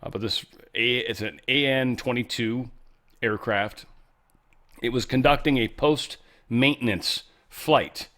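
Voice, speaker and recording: A man's voice: mid-range voice, takes it slowly, fairly bright tone. A man hosting a podcast, talking through the news in a rambling, offhand way and correcting himself as he goes. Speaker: podcast host. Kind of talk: casual political commentary monologue.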